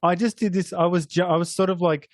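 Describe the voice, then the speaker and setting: A man's voice: high-pitched, fairly even intonation, quick pace, no echo. A man co-hosting a casual podcast chat, hesitant and full of "uh"s, with a joking tone. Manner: hesitant, many "uh"s, jokey. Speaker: podcast co-host.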